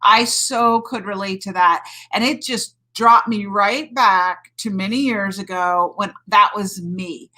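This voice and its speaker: A woman's voice: medium pitch, measured pace, few pauses, sharp tone, poor audio. A middle-aged woman doctor and hormone coach talking emphatically on a live stream, greeting viewers and saying "friggin'" a lot.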